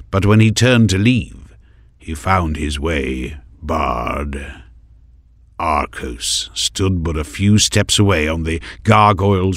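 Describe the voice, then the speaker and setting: A man narrating a fantasy audiobook in a measured, even storytelling voice, recorded close on a studio mic. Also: low voice, dry recording.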